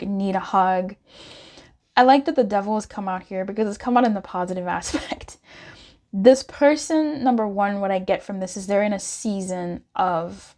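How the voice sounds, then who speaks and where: A woman doing a casual pick-a-card tarot reading, chatty and expressive as she talks straight to the viewer. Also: mid-range voice. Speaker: tarot reader.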